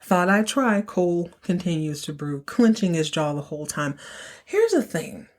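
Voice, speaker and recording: A young woman with a slightly low-pitched voice recaps a soap opera episode in a loose, chatty way. She is sassy and playful, and she jumps into exaggerated voices to act out lines. Her delivery sounds like a relaxed podcast host talking straight to her listeners. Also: normal speed. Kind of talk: casual recap monologue.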